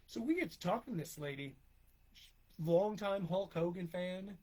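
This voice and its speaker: A man's voice: sits high, expressive, normal speed, darkish tone, low-quality recording. A middle-aged man co-hosting a podcast, rambling through casual stories, laughing often and acting out quoted lines. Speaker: podcast co-host, wrestler. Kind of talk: casual storytelling chat.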